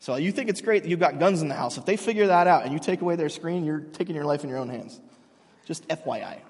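Casting note: man in his thirties, a preacher with a slightly high, husky voice and a loose, joking storytelling style, caught in a reverberant hall. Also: lively intonation, fast, darkish tone. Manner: casual, joking storytelling with many restarts. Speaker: pastor. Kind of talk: sermon.

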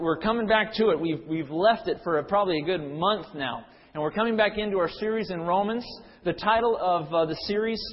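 A man's voice: sits high, big-room sound, highs cut off. A male pastor preaching a sermon, telling a story then teaching earnestly with frequent fillers and restarts.

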